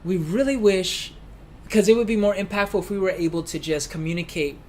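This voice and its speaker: A man co-hosting a casual livestream from a room at home, talking in a relaxed way with fillers and restarts. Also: high-pitched, quick pace, a little hiss or hum. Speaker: livestream co-host.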